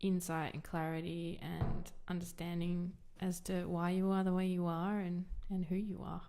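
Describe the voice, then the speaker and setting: A woman's voice: lowish voice, flat delivery, normal speed, warm tone. A woman podcast host, encouraging and affirming her guest in casual interview chat.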